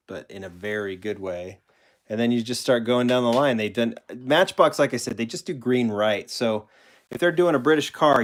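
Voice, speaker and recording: Male streamer, lowish voice, loose, rambling chat with frequent self-corrections. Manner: rambling, self-correcting, answers chat questions while showing toy cars. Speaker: host of a live collector stream. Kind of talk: casual live-stream chat.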